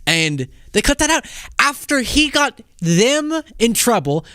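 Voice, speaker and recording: A man hosting a solo political commentary show, talking in an animated, incredulous and sarcastic way. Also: very high voice, slow, clear, resonant tone, no room sound, clean studio sound.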